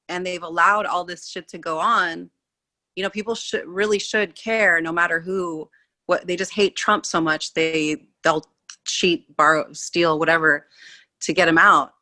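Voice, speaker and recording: A woman chatting as a guest, with a bright, forceful voice pitched a little low. She rambles through her points with loose restarts and fillers. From California. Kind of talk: casual political chat.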